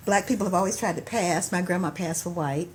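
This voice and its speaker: An older woman from Florida, a guest poet who chats easily, laughs often, and recites her poems with a steady rhythm. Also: lowish voice, brisk, a loud crowd. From Tampa, Florida, US. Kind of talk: conversational storytelling and poetry reading.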